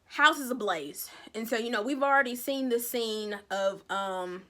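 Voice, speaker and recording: A woman talks through a TV episode in a casual recap, with a bright, forceful voice pitched a bit high. She tells the story with lively energy and slips into the characters' lines as she goes. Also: measured pace. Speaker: TV recap vlogger.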